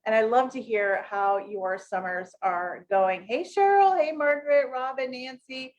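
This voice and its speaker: A woman's voice: a little high, measured pace, highs cut off. A middle-aged woman from the United States hosts a livestream in a loose, chatty way, trailing off into fillers and starting sentences over. She breaks off to greet her viewers by name with a lift in her voice, then settles back into her coaching talk. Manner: chatty and rambling, many fillers and self-corrections. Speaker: network marketing coach hosting a live session.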